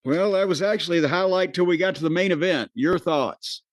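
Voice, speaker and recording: A man's voice: high voice, a little fast, dry recording. A man hosting a podcast, giving profane, opinionated reviews of a wrestling show with dry jokes. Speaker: podcast host. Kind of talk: casual wrestling review chat.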